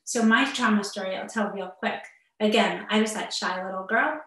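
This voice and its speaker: A therapist speaking earnestly and personally to parents in an online talk, with muttered asides, heard over a video call. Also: female voice, medium pitch, moderate pace, a bit bright. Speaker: therapist giving a parenting webinar. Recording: echoey room, far from the mic.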